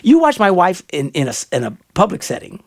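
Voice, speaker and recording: A man hosting a radio talk show, telling animated stories in a casual chat. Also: fast talker. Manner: animated storyteller, jumps into high excited voices. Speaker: radio host.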